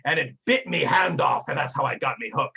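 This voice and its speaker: A man voicing a gruff one-eyed old ship's first mate with a hook and peg leg, who talks in rough seafaring dialect. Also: medium pitch, brisk, sharp tone, raised voice, highs cut off, exaggerated voice. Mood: boastful yarn.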